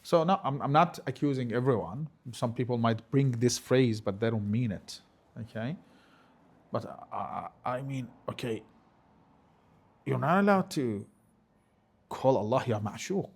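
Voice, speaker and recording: A man giving a religious lecture, talking emphatically and sometimes rising to forceful scolding, with Arabic phrases mixed in. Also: medium pitch, expressive, unhurried, long pauses. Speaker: religious teacher.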